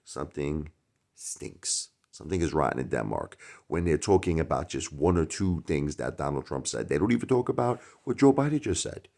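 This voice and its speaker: A middle-aged man hosting his own channel, talking casually in a rhetorical opinion monologue that swings from loud outbursts to muttered asides. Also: rumbling low, a little fast, gravelly, hardly any pauses. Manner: animated, rhetorical, jumps between loud and mumbled asides. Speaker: YouTube channel host.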